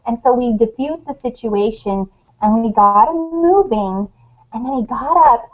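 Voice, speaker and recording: A woman guest author chatting on a webcast, telling lively stories and acting out quotes. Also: fairly high pitch. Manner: animated storyteller, acts out quotes. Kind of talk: casual webcast chat. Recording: dull lo-fi webcast audio.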